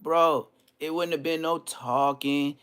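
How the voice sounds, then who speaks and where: A man's voice: fairly high pitch, fairly even intonation, slow, fairly bright tone, clear, resonant tone. A middle-aged man, boasting and taunting his critics in a vlog rant full of street slang. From Inglewood, California. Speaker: vlogger. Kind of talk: trash-talking vlog rant.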